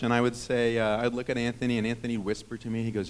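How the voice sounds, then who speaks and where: A man in his thirties giving a rambling, heartfelt wedding toast as the groom's brother, teasing himself between warm words. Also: medium pitch, little pitch movement, quick pace, few pauses, smooth. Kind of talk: wedding speech. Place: wedding reception hall. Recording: long reverb of a reception hall.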